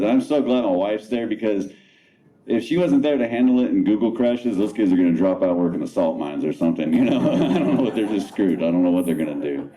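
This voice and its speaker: Laid-back profane stand-up comic, low voice. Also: male voice, mellow, low-quality recording. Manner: laid-back, rambling, profane, self-mocking. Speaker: stand-up comedian. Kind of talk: stand-up comedy set. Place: comedy club stage.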